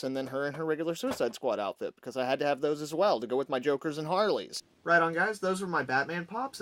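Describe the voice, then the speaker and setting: A man's voice: medium pitch, a bit bright. A man in a casual vlog, enthusiastically rambling as he rattles off items from his collection one after another.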